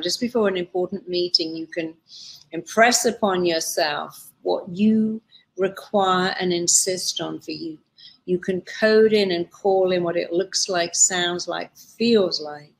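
Woman therapist doing guided affirmations, low voice, really unhurried, leans on each line. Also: vocal fry. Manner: slow, emphatic repeated affirmations. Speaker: therapist leading a guided exercise.

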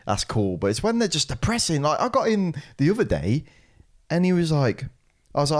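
A young man, co-hosting a podcast in casual chat, often laughing and acting out what others said in a gruff voice. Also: fairly high pitch, sing-song, fairly quick. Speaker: podcast co-host.

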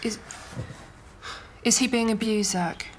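An actress playing a calm female art therapist who gently coaxes a patient with questions. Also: on the high side, slow pace, slight background noise. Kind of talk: TV drama acting.

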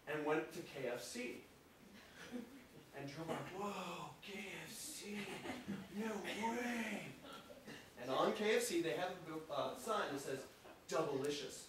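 A man presents to a conference audience in a lively, conversational way, quizzing listeners and restarting sentences as he goes. His fairly high voice bounces around a very echoey room, picked up from a distance with light background hiss. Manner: animated, addresses audience, frequent restarts. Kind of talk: conversational training talk.

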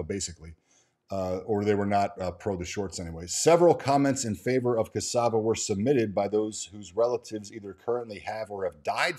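A man with a fairly low, slightly mellow voice hosts a stock market show, reading news items and quotes from articles and market screens aloud. He breaks off with offhand asides, restarting often and using plenty of fillers in this casual commentary.

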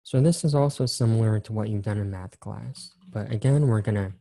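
A man with a low, very dark and mellow voice teaches an engineering class. He talks casually and repeats his key point, counting through examples one step at a time. Keyboard clicks tap along behind him as he types. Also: a little fast, gravelly, hardly any pauses, slight background noise. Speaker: engineering instructor. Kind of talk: recorded screen-share lecture.

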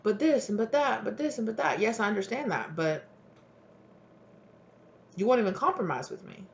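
A tarot reader does a solo reading to camera, rambling with many fillers and restarts while acting out both partners' sides of imagined arguments. The voice is medium-pitched and creaky, with lively intonation at a moderate pace. The audio sounds dull.

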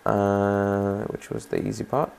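Gravelly man narrating his gameplay. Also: fairly low pitch, monotone, slow pace, darkish tone. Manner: rambling, chatty, asks viewers to comment. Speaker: gaming channel host. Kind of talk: let's play commentary.

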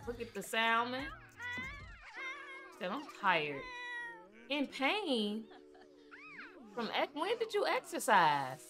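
Woman, livestream gamer, unhurried chatty commentary, soft music behind. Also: on the high side, big pitch swings. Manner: chatty, talks to her game characters. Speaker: gaming livestreamer.

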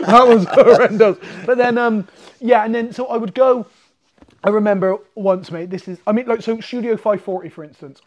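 A man, a fighter as podcast guest, telling lively stories and acting out conversations. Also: sits high. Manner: animated, swearing, acts out quoted exchanges. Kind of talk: casual storytelling.

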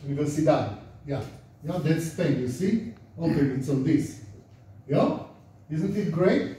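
Older Israeli rabbi lecturing in an echoey room. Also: male voice, fairly high pitch, animated, takes it slowly, mellow. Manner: chatty, asks the class questions, repeats words for drill. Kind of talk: informal classroom lecture. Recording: echoey lecture room, mic far off, faint noise.

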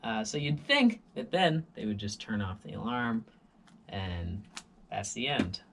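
A man's voice: fairly low pitch, lively intonation, a little slow, gravelly, a bit bright, slight background noise. A tired man vlogger telling a rambling story in a casual monologue, full of voices and sound effects.

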